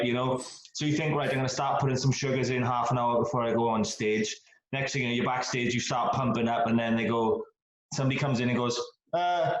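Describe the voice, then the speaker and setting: A man, a bodybuilder guest on a podcast, telling stories in a relaxed, casual way. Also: medium pitch. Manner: relaxed anecdotal storytelling. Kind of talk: casual chat. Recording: echoey room.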